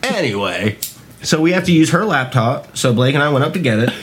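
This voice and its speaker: Animated man telling work stories. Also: medium pitch, a little fast, background noise. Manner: animated, swearing often, acting out quotes. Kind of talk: casual profane storytelling.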